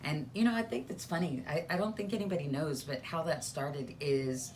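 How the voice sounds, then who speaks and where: Middle-aged woman co-host, low-pitched and hushed, chatty and playful in a home studio. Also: normal speed, a little hiss or hum. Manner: chatty and playful, rambling with fillers; speaking softly, hushed. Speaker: pastor and co-host. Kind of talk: casual live-stream chat. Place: spare room turned home studio.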